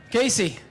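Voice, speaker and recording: A man announcing a short-track race and emceeing the winner's interview, excitable and shouting on close finishes. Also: a little hiss or hum, low-quality recording. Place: outdoor speedway.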